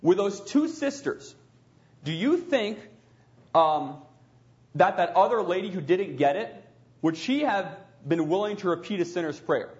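A man's voice: high voice, animated, unhurried, lo-fi sound. A man preaching a sermon, reading aloud from a book and breaking off into loose spoken asides. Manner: reads passages aloud, then adds loose asides with restarts.

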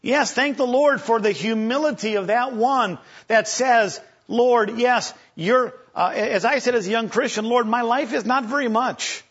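A man preaching an animated sermon, acting out scripture voices and stammering for effect. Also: extremely high pitch, a little slow, few pauses, slightly rough. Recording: dull lo-fi recording.

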